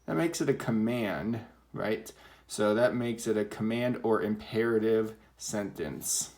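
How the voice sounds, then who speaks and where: A man's voice: on the low side, a little slow, a little mellow. A man teaching a recorded reading lesson for children, patiently explaining and acting out example sentences.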